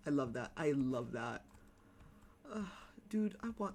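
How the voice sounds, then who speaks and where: Excitable streamer with a lively, bouncing pitch. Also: a little slow, pauses often. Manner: excitable, repeats phrases, coos over pets. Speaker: live streamer. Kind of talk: casual live gameplay chat.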